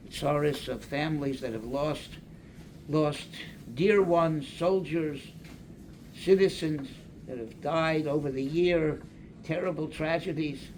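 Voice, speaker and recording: An older man, a rabbi delivering a slow, deliberate sermon that mixes Hebrew and Aramaic quotations into English. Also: fairly high pitch, darkish tone, a little hiss or hum.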